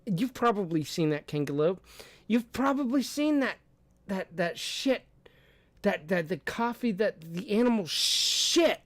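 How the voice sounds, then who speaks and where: A man's voice: high voice, expressive, unhurried, fairly bright tone, no room sound. A young adult man hosting a livestream, rambling and cursing, laughing often as he reads and answers chat. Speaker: streamer host.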